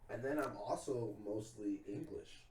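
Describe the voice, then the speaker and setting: A young man co-hosting a podcast, talking in a relaxed, casual way and laughing often. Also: on the low side, a little slow. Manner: laid-back, laughs often. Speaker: podcast co-host. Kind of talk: casual chat.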